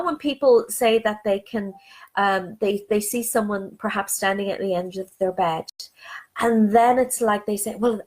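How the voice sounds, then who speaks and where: A middle-aged woman talking casually on a live video stream as a spiritual speaker. She greets viewers by name, reads their comments aloud, and speaks in a reassuring way, sometimes dropping to a near-whisper. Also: a little high. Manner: soothing and reassuring, drops to soft near-whispers.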